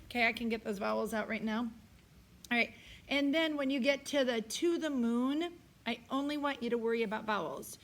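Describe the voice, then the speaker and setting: A woman's voice: fairly high pitch, moderate pace. A woman choir teacher with a tired voice, giving directions to singers and singing short phrases to show how they go. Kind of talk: recorded choir rehearsal lesson.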